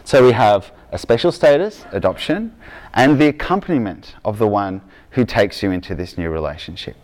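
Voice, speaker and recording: A man raised in Argentina but with an Australian accent preaches a sermon in a casual, story-driven style, checking in with the congregation through "okay?" and "right?". His voice is on the low side, animated, darkish in tone, at a moderate pace.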